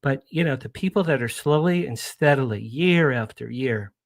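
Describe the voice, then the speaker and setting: A man's voice: mid-range voice, normal speed, gravelly, dry recording, clean studio sound. Chatty enthusiastic male guest. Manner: chatty, enthusiastic, rambling with restarts. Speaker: guest, publicist. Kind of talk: casual radio interview chat.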